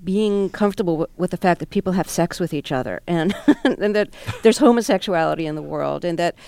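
A woman's voice: on the low side, fairly quick, vocal fry, dark tone, clean tone. A woman hosting a radio interview program, asking curious questions and laughing readily.

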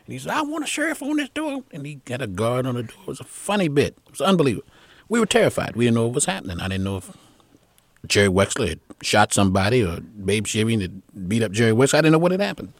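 A man's voice: mid-range voice, fast talker, dry recording. A man telling a long anecdote in an interview, rambling with fillers and acting out the people in his story. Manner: animated storyteller who acts out the people in his stories. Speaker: interviewee recounting his music career.

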